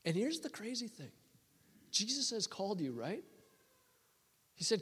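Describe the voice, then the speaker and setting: A man preaching and telling a story to a church, with many restarts and a lively storytelling delivery. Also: sits high, unhurried, pauses often, husky. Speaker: guest preacher. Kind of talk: sermon storytelling. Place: church hall. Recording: long reverb of a church hall.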